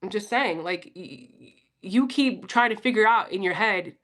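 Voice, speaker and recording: A woman's voice: medium pitch, moderate pace, fairly bright tone. Blunt, swearing woman livestreamer. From Philadelphia, US. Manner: blunt, profane, talks straight to chat. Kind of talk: casual livestream pep talk.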